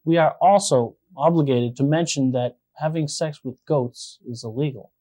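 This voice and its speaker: A man's voice: a little high, normal speed, warm tone. A man announcing a mock-official disclaimer on a comedy show, dry and formal.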